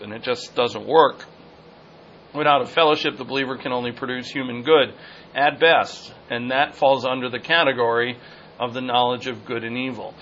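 A man's voice: medium pitch, fairly bright tone. Earnest man teaching scripture, lo-fi. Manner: earnest, repetitive, searching for words mid-sentence. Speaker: pastor. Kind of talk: expository Bible teaching. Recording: dull lo-fi sound with faint noise.

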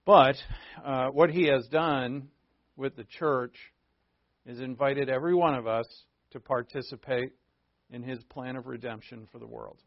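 In an earnest, conversational sermon, a pastor poses rhetorical questions and moves between emphatic and hushed delivery. His mid-range, gravelly voice is steady and a little slow, captured in a muffled recording with no room sound.

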